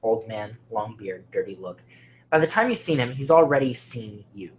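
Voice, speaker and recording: A man narrating a creepy horror story with dramatic delivery, often sinking to a hushed near-whisper. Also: fairly low pitch, expressive, moderate pace, slight background noise.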